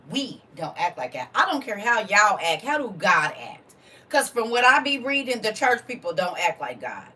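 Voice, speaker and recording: A woman's voice: mid-range voice, very animated, normal speed, pushed and bright, far from the mic, a little hiss or hum. A woman preaching to a congregation in a fervent, informal way, full of rhetorical questions and casual vernacular.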